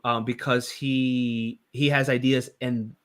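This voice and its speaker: A man talking casually on a panel as a comics writer, rambling and halting with frequent restarts and fillers. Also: medium pitch, level tone, clear, resonant tone. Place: online panel session.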